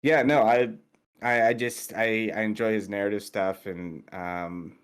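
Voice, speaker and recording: A man talking as a guest artist in a casual interview over a call, halting with many fillers and restarts. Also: lowish voice, fairly even intonation, clean tone. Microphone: remote call audio.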